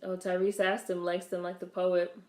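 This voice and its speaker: A woman's voice: lowish voice, little pitch movement, normal speed, darkish tone. A young woman giving casual watch-along commentary on a film, chatting with wry asides and talking back to the screen. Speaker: vlogger reacting to a film. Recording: roomy echo.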